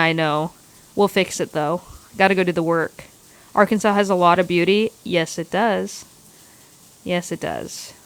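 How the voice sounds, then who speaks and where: A woman's voice: mid-range voice, clean tone. Rambling woman livestreaming outdoors in wind. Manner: rambling, loose and profane, with many restarts. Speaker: livestream host answering viewer chat. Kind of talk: casual livestream chat. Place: outdoors on a windy day.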